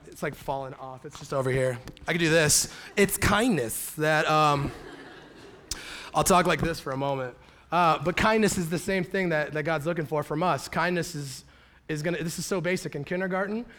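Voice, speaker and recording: High-voiced animated male pastor. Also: a little hiss or hum. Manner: animated storytelling, acts out quotes. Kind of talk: sermon. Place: church sanctuary. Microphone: handheld or headset mic.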